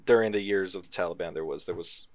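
A man's voice: deep voice, quick pace, no echo. A young man co-hosting a casual podcast chat, talking loosely, swearing and laughing often. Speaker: podcast co-host.

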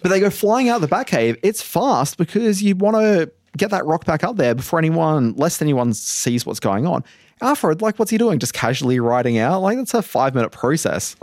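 A man co-hosting a casual podcast chat, animated and laughing often as he recaps an episode. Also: normal speed, hardly any pauses, dry recording. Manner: animated, laughs often, lively pitch swings. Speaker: podcast co-host.

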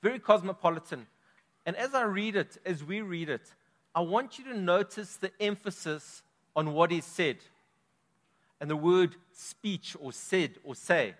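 A man's voice: high voice, expressive, unhurried, a bit bright. Emphatic male preacher in a big hall. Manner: emphatic, dynamic preaching with strong swells in volume. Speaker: pastor. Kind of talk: sermon. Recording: long reverb of a large hall.

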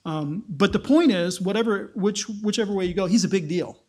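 High-voiced man preaching casually. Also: brisk, a little mellow. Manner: informal, explaining, with fillers and restarts. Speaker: pastor. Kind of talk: conversational sermon teaching.

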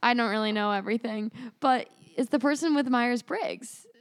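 A woman co-hosts a casual podcast, explaining ideas in a chatty, good-humored way. Her voice sits a little on the high side. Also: normal speed. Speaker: podcast co-host.

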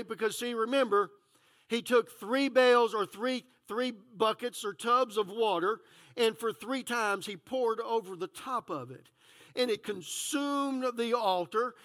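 A man's voice: very high voice, bright, forceful tone. A man preaching a conversational sermon as pastor, full of "uh, you know" fillers.

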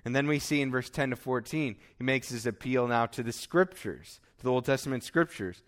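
A man's voice: medium pitch, a little fast, hardly any pauses. A man preaching a sermon, telling a story with acted-out dialogue and reading scripture aloud.

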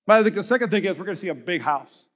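A man preaching a sermon as pastor. He tells stories with acted-out dialogue and breaks into energetic shouts. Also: sits high, racing. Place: large church hall. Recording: reverberant church hall.

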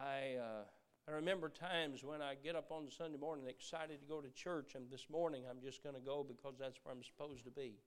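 A middle-aged man preaching a sermon, earnest, repeating words as he goes and dropping from loud emphasis to a hush. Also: medium pitch, steady tone, a little fast.

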